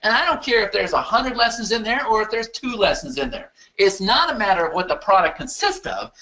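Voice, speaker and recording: A man's voice: high voice, big pitch swings, fairly quick, pushed and bright, lo-fi sound, full character voice. A man voicing his stern older male mentor, who scolds him bluntly.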